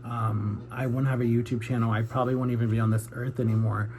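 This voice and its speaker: Earnest thirty-year-old man, mellow voice. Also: medium pitch, little pitch movement, quick pace, a little hiss or hum. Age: 30s. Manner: candid, earnest, heartfelt. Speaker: YouTuber. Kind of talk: confessional vlog.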